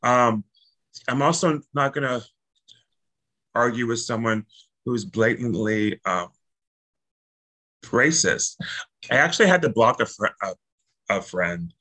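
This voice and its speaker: Blunt, bright-voiced man chatting. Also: medium pitch, slow, long pauses, low-quality recording. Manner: animated, jokey and blunt, swears freely. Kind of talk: casual spiritual chat.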